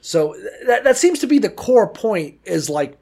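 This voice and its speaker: A man co-hosting a podcast in casual chat, swearing freely and rambling with animated emphasis. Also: sits high, moderate pace, gravelly, breathy edge. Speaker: podcast co-host.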